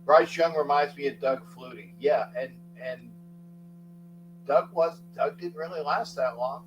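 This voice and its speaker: Rambling sports-talk host, man, higher voice. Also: measured pace, lo-fi sound, a little hiss or hum. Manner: rambling, thanks chatters by name, sudden loud outbursts. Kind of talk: casual live chat with viewers.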